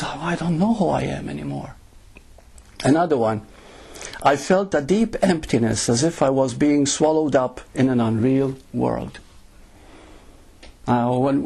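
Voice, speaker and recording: A man's voice: mid-range voice, vocal fry, a little mellow, husky. A man giving a satsang talk as a spiritual teacher, speaking to a group and often asking "you see?".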